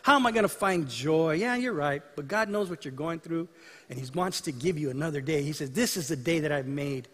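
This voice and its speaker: A man's voice: fairly high pitch, brisk, in a large hall. A male pastor preaching a sermon in a conversational, storytelling way, acting out the lines of people in his stories.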